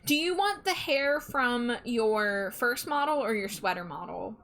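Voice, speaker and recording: A woman's voice: a little high, lively intonation, unhurried, fairly bright tone. A woman streamer chatting casually while she draws, laughing often between remarks. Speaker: streamer drawing live.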